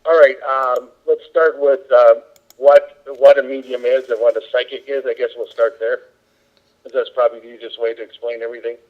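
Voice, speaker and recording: A man's voice: medium pitch, flat delivery, brisk. Exasperated man on a dull lo-fi line. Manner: exasperated, emphatic ranting. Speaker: psychic medium guest. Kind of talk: casual podcast chat.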